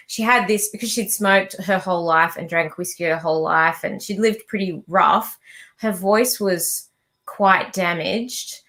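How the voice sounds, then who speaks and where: A woman's voice: medium pitch, pushed and bright. A woman, a musician guest, telling stories in a casual chat and swearing casually. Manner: chatty storyteller, swears casually.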